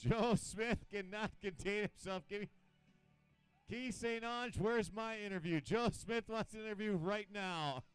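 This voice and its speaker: A man's voice: high voice, moderate pace, smooth, no room sound, soft background music. A man announcing a water ski event live, joking and exasperated with competitors. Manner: joking, exasperated, chants into the mic.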